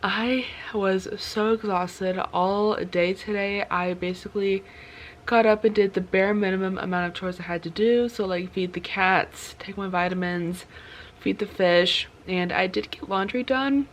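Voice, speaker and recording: A woman's voice: mid-range voice, steady tone, a little slow, slight background noise. Woman vlogging while sick, kinda breathless, rambly chatty talk, lots of "like". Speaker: book vlogger.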